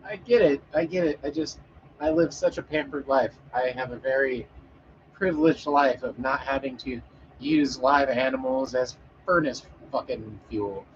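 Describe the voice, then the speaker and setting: A man talks loosely and off the cuff to his audience, wandering between jokes and half-finished thoughts, with plenty of fillers and cursing. His voice sits mid-range in pitch. The sound is slightly dull and lo-fi, with a faint hiss of noise behind it. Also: measured pace. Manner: rambling, joking, with frequent swearing and fillers. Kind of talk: casual chat with an audience.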